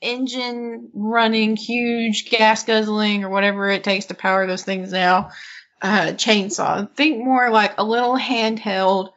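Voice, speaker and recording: A woman's voice: mid-range voice, level tone, unhurried, fairly bright tone, highs cut off. A woman co-hosting a podcast in casual chat, laughing often and reading from an article. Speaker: podcast co-host.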